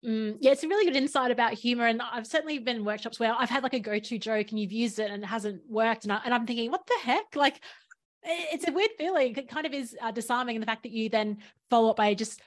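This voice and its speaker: A woman from Australia with an Australian accent, hosting a podcast interview in a casual, upbeat way. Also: on the high side. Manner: quick, upbeat, lots of "like" fillers. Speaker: podcast host.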